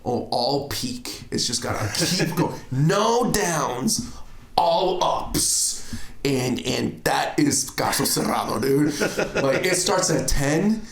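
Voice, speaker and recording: Gravelly, animated podcast host. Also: male voice, mid-range voice, slow pace, echoey room, a little hiss or hum. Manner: animated storyteller, laughs often. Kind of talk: casual chat.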